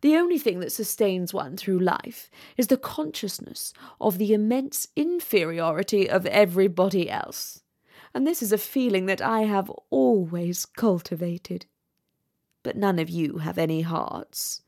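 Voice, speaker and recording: Woman reading a haughty firework rocket, storybook voice, self-important, dramatic, unhurried delivery, middle pitch. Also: expressive, a little mellow. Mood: pompous. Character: conceited pompous male firework rocket.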